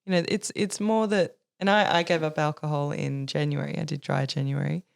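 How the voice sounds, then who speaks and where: A woman's voice: low voice, fairly even intonation, a little fast, creaky. A young Australian woman, a sommelier, chatting on a podcast in a bubbly way, laughing often and acting out what people say. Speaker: sommelier guest. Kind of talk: casual podcast chat.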